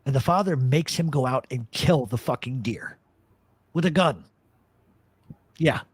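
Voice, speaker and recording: A man's voice: mid-range voice, measured pace, husky, no echo. A man hosting a casual talk show, rambling and swearing as he chats about old films. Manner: profane, rambling, animated storyteller. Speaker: podcast host. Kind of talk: casual chat.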